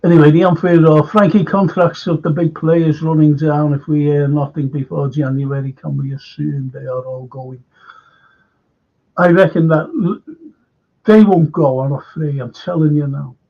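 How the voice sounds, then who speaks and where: A man's voice: a little high, fairly even intonation, moderate pace, gravelly, dull audio. A man, hosting a casual football chat, blunt and opinionated, chuckling at his own jokes. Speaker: host.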